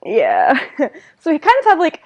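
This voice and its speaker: A woman co-hosting a podcast, chatting in an animated way and retelling scenes. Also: high voice, unhurried, vocal fry, muffled recording. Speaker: podcast co-host. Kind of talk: casual anime discussion.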